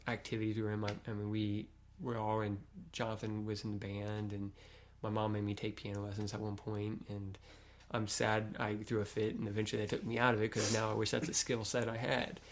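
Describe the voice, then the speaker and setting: A man's voice: on the low side, monotone, brisk, hardly any pauses. A man from Kentucky in casual conversation, easygoing and full of filler phrases. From Kentucky, USA.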